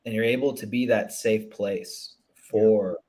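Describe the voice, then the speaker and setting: A man's voice: lowish voice, fairly even intonation, measured pace, dark tone. A man speaking as a relationship coach in a casual interview, earnest and reflective, often restarting and adding "you know". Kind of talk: conversational interview.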